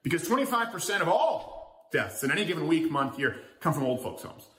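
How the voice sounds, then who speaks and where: A man's voice: on the high side, very animated, a little fast, a bit bright, echoey room. A man hosting a political talk show monologue, sarcastic and rousing. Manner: sarcastic, rousing, chuckling at his own jokes.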